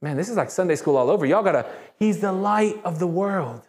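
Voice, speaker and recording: A man with a notably high voice gives a lively, conversational sermon. He acts out quoted voices as he preaches and pushes the congregation to call back answers. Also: fairly quick. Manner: asks the congregation for call-and-response. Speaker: pastor. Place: church service.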